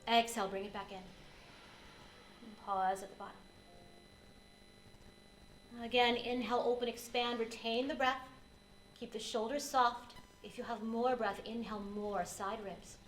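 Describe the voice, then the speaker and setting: A woman teaching a yoga class, giving gentle, unhurried cues for breath and posture. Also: on the high side, steady tone, echoey room, slight background noise, rough recording. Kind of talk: guided yoga class instruction.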